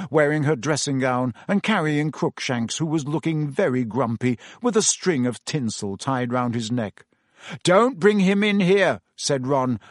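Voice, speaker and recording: A man reading a storybook aloud as narrator, telling it in a steady, measured way on a close mic. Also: medium pitch, no echo. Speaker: audiobook narrator. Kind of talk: scripted narration.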